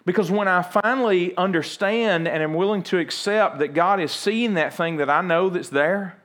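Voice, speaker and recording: A man's voice: sits high, moderate pace, a bit bright. A man pastor preaching a folksy, humorous sermon and acting out little everyday scenes.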